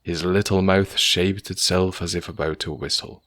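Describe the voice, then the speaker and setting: A man narrating a classic story in a measured, steady audiobook reading. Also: low voice, no echo, clean studio sound.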